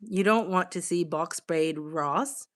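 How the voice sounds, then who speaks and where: A woman's voice: lowish voice, slow. A young woman with a Boston accent, chatting casually on a live stream, swearing freely and answering her chat. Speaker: livestream host. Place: home, on a couch with a blanket.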